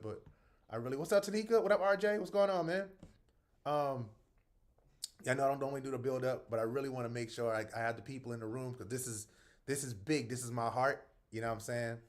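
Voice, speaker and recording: A man with an ordinary mid-range voice, hosting a live video. He calls out viewers by name in a lively, friendly way, then talks quietly and sincerely about his project. Middle-aged and relaxed. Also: mid-range voice, quick pace. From North Charleston, South Carolina. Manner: upbeat, shouting out viewers by name; soft and earnest when speaking from the heart. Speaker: livestream host. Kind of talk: casual livestream greeting viewers.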